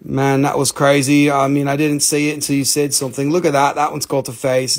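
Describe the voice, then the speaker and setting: Gravelly-voiced joking man hosting a live sale. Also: mid-range voice, level tone, normal speed. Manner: joking, self-mocking, swears casually. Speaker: host selling minerals on a live stream. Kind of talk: casual live sales stream.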